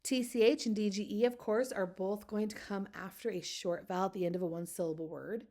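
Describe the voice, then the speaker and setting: An upbeat woman talks through a recorded phonics lecture. Her pitch sits in a medium range, and she keeps the delivery chatty. When she stumbles over a word, she laughs it off. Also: steady tone, a little fast, warm tone. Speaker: teacher trainer.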